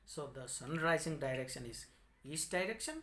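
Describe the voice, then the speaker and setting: Bright-voiced male teacher explaining a story. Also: on the high side, moderate pace. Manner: repetitive, explains word meanings in simple words. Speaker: English teacher.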